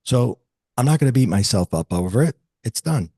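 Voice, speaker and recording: A man in his fifties, a metaphysical teacher, telling a personal story as an interview guest, reflective and lively when he quotes others. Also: mid-range voice, a little fast, husky, no room sound.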